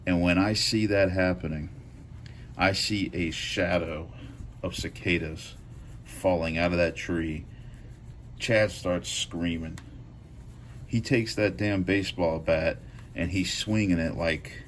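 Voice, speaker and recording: Deep-voiced man telling a rambling story. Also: a little hiss or hum. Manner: loose, profane, rambling with frequent fillers. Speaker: knife channel host. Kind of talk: casual storytelling to camera.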